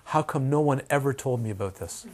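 A man voicing an indignant elderly woman student who complains loudly that nobody told her sooner. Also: medium pitch, a little fast, close to an everyday voice.

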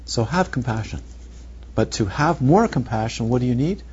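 A male meditation teacher giving a dharma talk, animated and rhetorical, sometimes dropping to near whispers, on a muffled recording. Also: mid-range voice, normal speed. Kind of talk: dharma talk to retreat students. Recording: muffled lo-fi recording with faint noise.

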